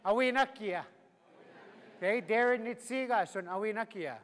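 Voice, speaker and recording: A man with a fairly high voice leads a live language class, joking around and drilling words for the group to repeat. His voice rings out with a long reverb in a large hall. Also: normal speed, a bit bright. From Canada. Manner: playful, laughing, drilling phrases for repetition. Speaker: Cree language teacher.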